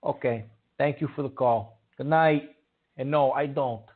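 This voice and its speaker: A man's voice: medium pitch, a little slow. A man hosting a call-in show who stammers and gets riled easily. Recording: tinny phone-like sound.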